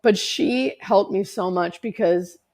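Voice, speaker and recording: A woman's voice: mid-range voice, slow, a little mellow. A woman in her forties, a podcast guest, telling her own story candidly, swearing freely and acting out what others said. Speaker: podcast guest, hospice nurse.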